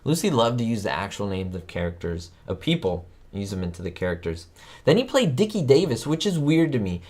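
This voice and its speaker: Man, livestream trivia host, casual chat, animated swoopy pitch, rambling, excitable. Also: a little fast. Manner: rambling, excitable, talks to viewers.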